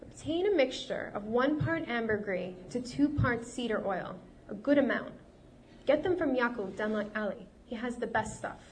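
Figure: a woman doing a cunning female healer. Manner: sweet, soothing, falsely sympathetic. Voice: fairly high, with a faint hiss behind. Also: lively intonation, moderate pace, close to an everyday voice. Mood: confiding.

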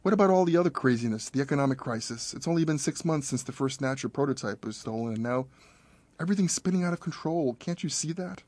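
A man voicing a troubled, anxious woman in a storybook reading, pleading and sharp-tongued. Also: mid-range voice, lively intonation, fast, dry recording, natural voice. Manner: urgent, pleading.

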